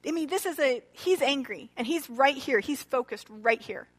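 A woman preaching a sermon in a church, retelling a parable expressively and acting out the quoted lines. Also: normal speed. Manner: expressive, acts out quoted speech with shifting pitch and loudness. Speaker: pastor.

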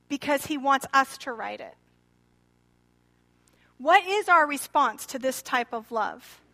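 A woman preaching a sermon in a church, retelling a parable expressively and acting out the quoted lines. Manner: expressive, acts out quoted speech with shifting pitch and loudness. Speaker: pastor.

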